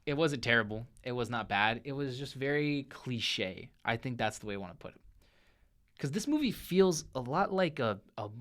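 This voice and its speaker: A young man hosting a casual movie review show, talking in an animated way with frequent restarts and self-corrections. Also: mid-range voice.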